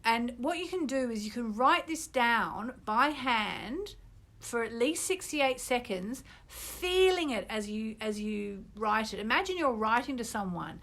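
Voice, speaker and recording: A middle-aged woman with a British accent leads a live online gathering, walking listeners step by step through writing and ranking their wishes. Her voice sits on the higher side, and her delivery is gently instructive. She talks like a teacher explaining an exercise to a group. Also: measured pace. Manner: gently instructive, with bursts of loud ecstatic gratitude.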